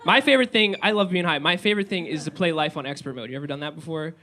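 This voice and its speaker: A young man doing a stand-up comedy set, excitable and given to yelling. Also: a little high, very fast. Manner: excitable, rising to yells. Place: small comedy venue with live audience.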